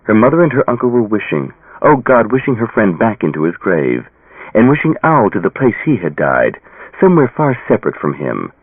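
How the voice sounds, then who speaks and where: A man narrating an audiobook with a dramatic, expressive reading. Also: on the low side, brisk, dry recording. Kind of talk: scripted narration. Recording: tinny phone-like audio.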